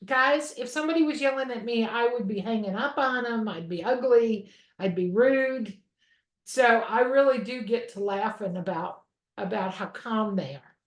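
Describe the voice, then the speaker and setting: A woman's voice: on the high side, normal speed. Chatty woman instructor, echoey room. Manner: chatty, often checks in with "okay?". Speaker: real estate course instructor. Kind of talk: teaching a licensing course. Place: home room.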